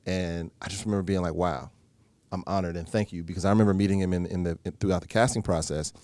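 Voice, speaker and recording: A man with a fairly low voice talks quickly and eagerly, acting out the people in his stories as he goes. His sound is close and dry, with no room around it. He stops and restarts a lot, full of ums and repeated words. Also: no echo. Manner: animated storyteller, acts out quoted exchanges; frequent fillers and restarts. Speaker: actor, interview guest. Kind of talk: casual interview talk.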